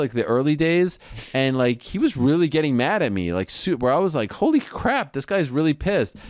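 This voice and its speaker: Animated male podcast guest, dry close sound. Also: medium pitch, smooth, no echo. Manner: animated storyteller who acts out quotes. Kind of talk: casual chat.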